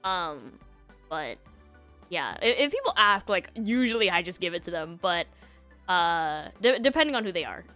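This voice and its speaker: A woman's voice: fairly low pitch, very animated, normal speed, pushed and bright, soft background music. A young woman streamer telling a story in casual chat, rambling with lots of fillers and laughs between thoughts.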